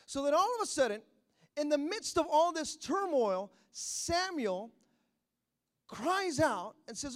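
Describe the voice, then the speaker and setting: A middle-aged man preaching a sermon, acting out quotes and breaking into sudden shouts. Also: very high voice, very animated, a little slow. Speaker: pastor.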